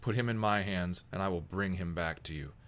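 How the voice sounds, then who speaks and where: Man reading as reproachful brother, solemn, somewhat lower, storybook reading. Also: brisk, fairly bright tone.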